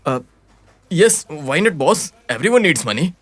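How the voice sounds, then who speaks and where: A man's voice: a little high, big pitch swings, moderate pace, slightly rough. A man voicing a fed-up office worker in a dubbed film, grumbling and easily confused. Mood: hesitant. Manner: grumbling, bewildered. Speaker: office employee turned hired agent.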